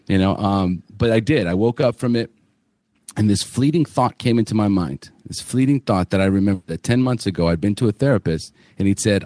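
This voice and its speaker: A man's voice: fairly low pitch, brisk, dark tone, dry recording. A man hosting a podcast panel, telling his own story of getting sober in a candid, blunt way, swearing freely and restarting his sentences. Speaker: podcast host.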